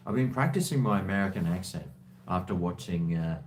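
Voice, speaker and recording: A man's voice: low-pitched, lively intonation, a little fast, a little mellow, a little hiss or hum. An Australian man hosting a live stream from home, chatting in a rambling way and reading viewer comments aloud. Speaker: livestream host. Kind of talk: casual live-stream chat.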